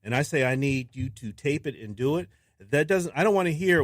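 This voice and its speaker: A man, a filmmaker guest on a radio show, talking in a casual, animated way and acting out what people said to him. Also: fairly high pitch, a little fast, no echo, studio quality. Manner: animated storyteller who acts out quotes. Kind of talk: casual interview talk. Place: radio studio.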